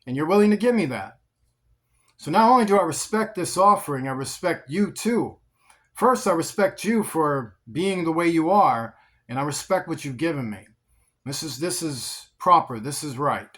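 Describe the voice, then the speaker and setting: A man's voice: a little high, animated, normal speed, fairly bright tone. A man voicing God, blunt and stern. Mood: approving. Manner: plain-spoken, scornful toward the unfaithful. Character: God, a stern, blunt male deity judging offerings.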